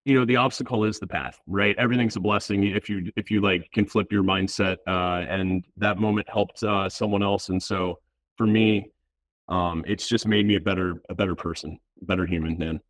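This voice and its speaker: A man, a tech executive, talking casually in an interview, relaxed and full of slang and filler words. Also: deep voice, moderate pace, no echo. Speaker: VP of platform engineering, guest.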